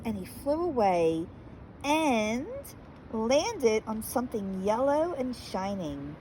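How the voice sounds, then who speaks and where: Woman slowly reading a children's story. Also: a little high, a little hiss or hum, poor audio. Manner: slow, expressive and gentle. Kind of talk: reading a children's picture book aloud.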